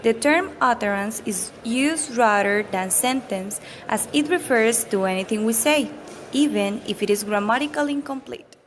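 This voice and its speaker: Woman, slightly high voice, scripted lesson narration, measured and explanatory, faint background noise. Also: low-quality recording. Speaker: pronunciation teacher.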